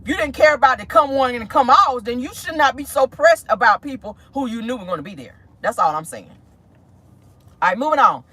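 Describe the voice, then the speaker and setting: A woman hosting a casual celebrity gossip show from inside a car, sassy and animated, calling her listeners honey and girl. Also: sits high, fairly quick, slightly rough. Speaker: host of a gossip talk show.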